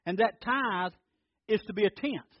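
Pastor, high voice, folksy storytelling sermon, dull dry recording. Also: male voice, unhurried, dry recording. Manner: folksy storytelling preacher, repeats words.

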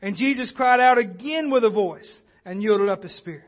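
A high-pitched male pastor delivers an earnest sermon. His voice climbs in force when he drives a point home. The sound is dull and lo-fi, like a church livestream. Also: normal speed. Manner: earnest preaching, rising intensity on key points.

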